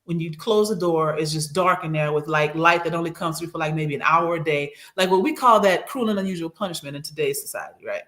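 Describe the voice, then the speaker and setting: A woman recounting a personal trip in casual podcast chat, animated and acting out what others said, on a studio microphone. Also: deep voice, a little fast, hardly any pauses. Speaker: regular co-host and guest.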